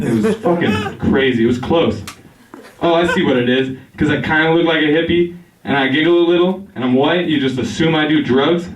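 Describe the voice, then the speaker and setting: A man's voice: a little high, a little hiss or hum. A young man doing a stand-up routine, laid-back and rambling, giggling at his own jokes. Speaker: stand-up comedian. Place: barber shop. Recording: echoey room, mic at a distance.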